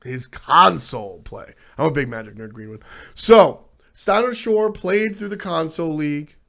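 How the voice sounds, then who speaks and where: Speaking at a moderate pace, a man with a slightly high, creaky voice runs a casual livestream talk show on esports. He swears freely and talks bluntly, animated as he riffs to chat and answers it.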